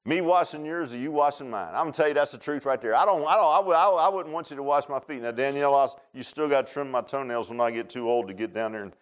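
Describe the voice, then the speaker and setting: A man's voice: mid-range voice, quick pace, few pauses. A middle-aged man preaching a folksy sermon, telling personal stories in a chatty, drawling way, often repeating words and laughing at his own tales. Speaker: pastor.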